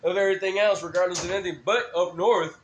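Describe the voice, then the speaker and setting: A man's voice: sits high, steady tone, fast, echoey room, highs cut off, slight background noise. A man rambling through a profane, laugh-filled story on a live stream.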